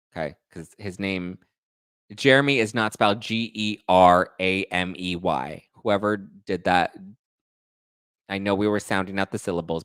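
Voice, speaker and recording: A man's voice: fairly low pitch, no room sound. Sassy man recapping reality TV. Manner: sassy, animated, keeps asking "okay?" and "right?". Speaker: podcast host. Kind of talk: casual reality TV recap on a live stream.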